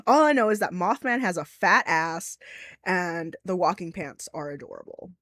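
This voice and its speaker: A woman's voice: lowish voice, animated, moderate pace, fairly bright tone, dry recording, clean studio sound. Giggly, profane young woman streamer. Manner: giggly, blunt, profane ranting. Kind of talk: casual live-stream commentary.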